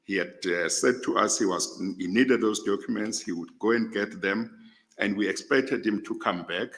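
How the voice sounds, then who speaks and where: An older South African man answering questions in a formal panel interview, measured and pausing often. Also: fairly low pitch, fairly bright tone, low-quality recording. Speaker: interview candidate.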